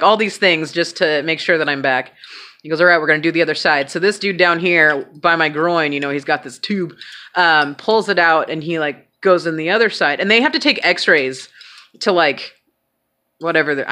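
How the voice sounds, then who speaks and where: Bright-voiced woman telling a candid story. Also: low-pitched, a little fast. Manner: candid, swears freely, self-mocking humor. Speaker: vlogger. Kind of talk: casual personal storytelling.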